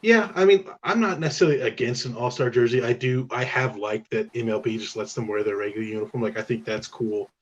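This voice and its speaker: A man's voice: medium pitch, fast, few pauses. A man co-hosting a casual sports talk show in an easygoing, conversational way. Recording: slightly dull, muffled audio.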